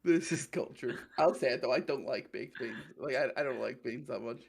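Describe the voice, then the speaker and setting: A man's voice: medium pitch, a little fast, vocal fry, breathy edge. A man with a Northern Irish accent, hosting a podcast in loose, sweary casual chat and laughing often. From Northern Ireland. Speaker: podcast host.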